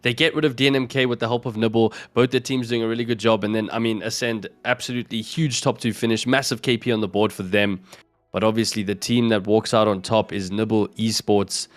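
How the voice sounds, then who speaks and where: A man with a South African accent giving esports color commentary, breaking down plays in a measured way with frequent fillers. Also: lowish voice, fairly even intonation, no room sound. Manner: measured analysis with many fillers. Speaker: esports co-caster.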